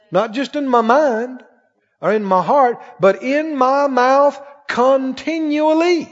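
A male pastor preaches from the pulpit, slowly stretching out scripture lines and slipping into playful acted asides. His voice sits high for a man. The recording is dull and muffled, with a long reverb trailing off the hall. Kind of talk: sermon.

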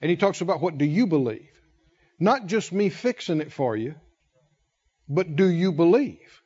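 A man preaching a sermon, emphatic, repeating key words with long pauses. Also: high-pitched, expressive, a little mellow, highs cut off.

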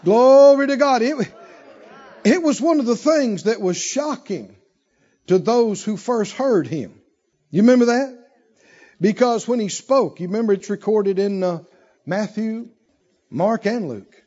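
A man preaching a sermon, shifting from low asides to loud shouted climaxes and stretching out emphatic phrases. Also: expressive, slightly rough, dull audio. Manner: drawls emphatic phrases slowly.

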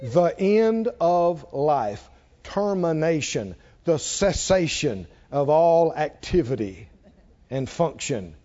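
A man preaching a sermon in a folksy, emphatic way that builds to shouting, recorded with dull lo-fi sound. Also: a little high, big pitch swings, takes it slowly.

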